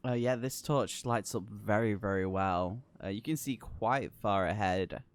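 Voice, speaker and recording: A man narrating a tabletop horror game as game master, casual and hesitant, with many pauses and ums. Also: fairly low pitch, clear, resonant tone.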